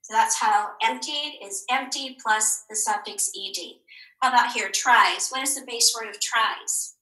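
A woman teacher giving a recorded phonics lesson to young children, slow and encouraging, asking questions and answering them herself. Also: fairly high pitch, pushed and bright. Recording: echoey room.

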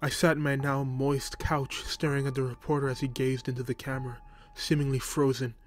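A man narrates a first-person horror story in a flat, even voice that barely rises or falls. His pitch is ordinary for a man. Music runs underneath the whole reading. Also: brisk.

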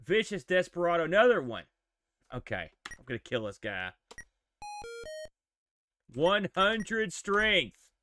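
A man giving casual, animated live-stream commentary while playing a retro game, exclaiming and joking at it. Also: sits high, takes it slowly, pauses often.

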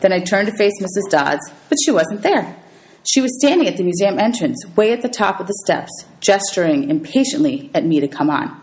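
A woman teacher reading a novel aloud to her students, telling it in a lively storytelling way. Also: mid-range voice, a little fast, slight background noise, rough recording. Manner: lively storytelling with voices for characters.

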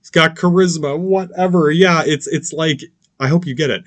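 A man's voice: fairly high pitch, moderate pace, no room sound. A man hosting a podcast in a casual, profane rant, rambling with many restarts, asides and curses. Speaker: podcast host.

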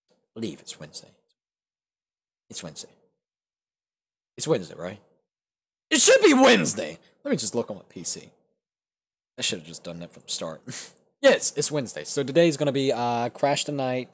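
An excitable young man chatting casually with viewers on a livestream. His voice sits a little high and jumps around a lot, from low mumbles to loud shouts. The sound is close and dry. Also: no echo. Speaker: livestream host. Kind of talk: casual live-stream chat, reading chat aloud.

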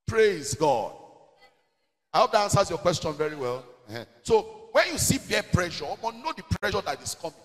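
Nigerian male pastor, high and very expressive delivery, emphatic preaching, long hall reverb. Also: moderate pace. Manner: animated, emphatic, slipping into Pidgin asides. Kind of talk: preaching in a church Q&A. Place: church hall.

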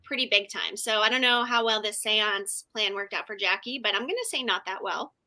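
A woman co-hosting a podcast, recapping a TV episode in relaxed, agreeable casual chat. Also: mid-range voice, brisk. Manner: relaxed, agreeable, many fillers. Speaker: podcast co-host.

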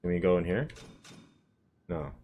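Very deep-voiced casual gamer man. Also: expressive, unhurried, narrow, tinny audio. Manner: swears, chats with a viewer while playing. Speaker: gamer streaming a horror game. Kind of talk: casual gameplay commentary.

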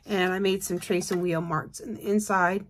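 A woman's voice: lowish voice, steady tone, normal speed, noisy background. Tired, chatty woman crafter. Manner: chatty, rambling, with many fillers. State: tired and yawning. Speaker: craft channel host. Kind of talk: casual show-and-tell chat.

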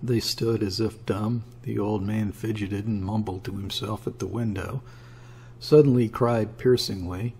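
A man narrating a classic short story as an audiobook, in a steady storytelling manner. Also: lowish voice, a little slow, slightly rough.

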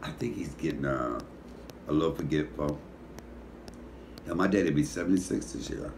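A man's voice: rumbling low, normal speed, background noise. A middle-aged man with a Detroit accent, a comedian hosting his cooking show, rambling sleepily with profane comic stories. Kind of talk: casual talk to camera.

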